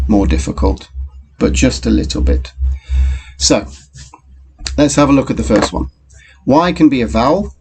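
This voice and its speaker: Slow, patient man teaching young pupils. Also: mid-range voice, gravelly, a little mellow, husky. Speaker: primary school teacher. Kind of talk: recorded phonics lesson.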